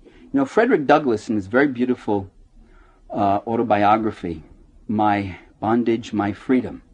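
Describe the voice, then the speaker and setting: A man giving a talk about his book in a bookstore, an animated storyteller who jokes, acts out quoted voices and restarts his sentences. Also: fairly low pitch, moderate pace, slightly rough.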